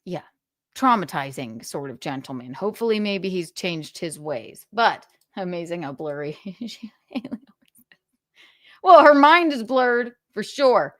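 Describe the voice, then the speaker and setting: A woman's voice: on the low side, very animated, unhurried, dry recording, clean studio sound. A woman hosting a livestream, ranting in a sarcastic, profane way and laughing between jabs. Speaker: livestream host.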